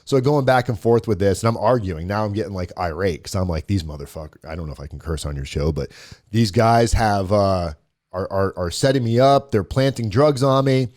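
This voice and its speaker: A man's voice: lowish voice, a little fast, a little mellow. A man, a guest on a show, casually retelling a personal story and quoting what others said along the way. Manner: conversational, quotes others in the retelling, frequent restarts. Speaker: guest telling his story.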